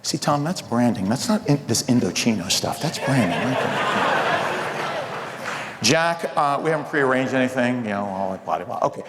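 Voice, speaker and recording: A man's voice: medium pitch, lively intonation, normal speed. A man performing live stand-up comedy with playful crowd work at a hotel event. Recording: reverberant hall with crowd noise.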